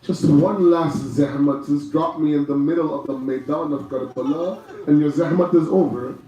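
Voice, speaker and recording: A man's voice: a little high, steady tone, moderate pace, warm tone. A man giving a mournful majlis sermon, telling the story with passion and swelling into cries. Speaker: majlis speaker. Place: large mourning hall. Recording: very echoey hall from far off.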